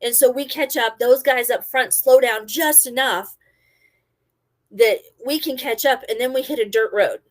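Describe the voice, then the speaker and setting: Middle-aged woman, a bit high, spins a war story and shouts out her own lines. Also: a little slow. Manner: animated, acts out her own quotes loudly. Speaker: podcast co-host, former army medic. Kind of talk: casual storytelling.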